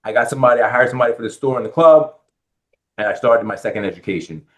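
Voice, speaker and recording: Speaking very fast in a mid-range voice, this middle-aged man from the Bronx relates his story as a guest on a podcast. He's a real estate lender and an animated storyteller who acts out the dialogue people directed at him.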